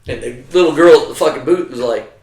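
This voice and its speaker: A man's voice: medium pitch, fast talker, vocal fry, darkish tone. An older man, a retired soldier, telling rambling, profane war stories in a casual chat. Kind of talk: casual storytelling. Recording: roomy, distant from the mic.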